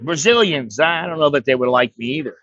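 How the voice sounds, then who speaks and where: A man's voice: fairly high pitch, animated, fairly quick, fairly bright tone. An American man telling a rambling, profane story in a blunt, casual way as an expat vlogger. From United States. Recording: dry, slightly dull recording.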